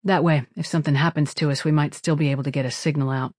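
A narrator voicing a brisk male starship captain who gives blunt, commanding orders. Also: fairly high pitch, fairly even intonation, darkish tone, no echo, studio quality, lightly acted. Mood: businesslike.

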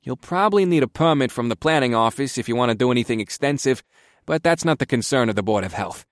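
A man's voice: medium pitch, expressive, quick pace, dry recording, studio quality, close to an everyday voice. A man voicing a nervous, apologetic male health inspector who stammers when flustered.

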